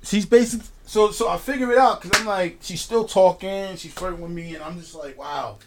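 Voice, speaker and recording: A man hosting a casual talk show, telling a story in an animated way, swearing freely and often asking "you know what I mean". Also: sits high, a little fast, background noise. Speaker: podcast host.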